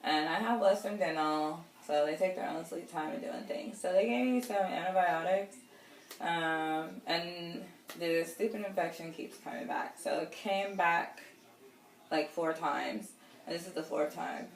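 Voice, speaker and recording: A woman's voice: fairly low pitch, measured pace. Chatty woman in an echoey room. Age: 30s. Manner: chatty, rambling, many fillers and laughs. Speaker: vlogger telling a personal story. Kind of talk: casual storytime. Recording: roomy echo, distant from the mic, faint noise.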